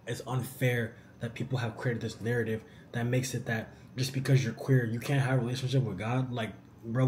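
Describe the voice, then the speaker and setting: A young YouTuber answers viewer questions in a casual Q&A vlog, animated and slangy, constantly throwing in "bro." His mid-range voice sounds warm and mellow, over a faint hiss of background noise.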